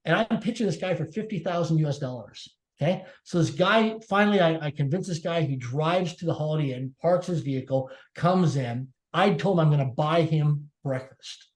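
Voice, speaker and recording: A man's voice: a little high, normal speed, hardly any pauses. A man telling a personal story as a podcast guest, emphatic and repeating his key phrases. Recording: echoey room.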